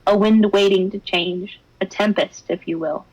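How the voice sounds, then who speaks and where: Brief: young woman, mid-pitched voice, theatrical fan-fiction reading peppered with giggles and asides. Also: fairly even intonation, normal speed, darkish tone, low-quality recording. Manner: dramatic reading that breaks into giggles and wry comments. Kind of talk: expressive narration with laughing asides.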